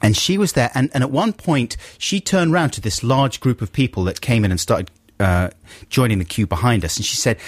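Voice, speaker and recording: A man hosting a radio show, telling an animated story in a casual chat. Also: medium pitch, a little fast, no room sound, clean studio sound. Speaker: radio host.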